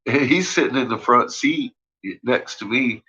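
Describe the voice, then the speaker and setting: A man's voice: mid-range voice, measured pace, bright, forceful tone, husky. A man telling a story in a casual, profane way, swearing freely and trailing off with fillers. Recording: dull lo-fi recording.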